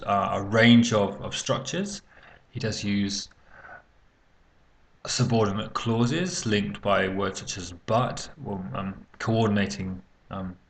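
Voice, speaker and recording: A man's voice: on the low side, slight background noise. A man teaching an English speaking exam lesson, talking unscripted and hesitantly with many fillers and restarts.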